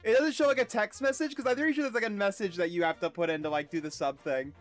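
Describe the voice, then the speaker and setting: A high-voiced man talks to his viewers during a game stream, with soft music in the background. The chat is loose and profane, laced with self-mockery and rapid asides to chat.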